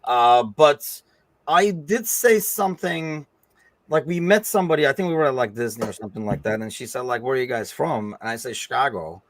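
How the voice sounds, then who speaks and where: A man's voice: mid-range voice, lively intonation, a little fast, a little hiss or hum. A man from Turkey with a mixed accent that has Turkish and English traces, hosting a casual football podcast in a playful, teasing way. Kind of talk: casual sports chat.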